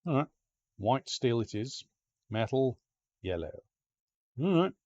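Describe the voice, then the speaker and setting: A man giving let's-play gameplay commentary as a streamer, excitable, swearing and talking to the game's pets. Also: medium pitch, slow, lo-fi sound.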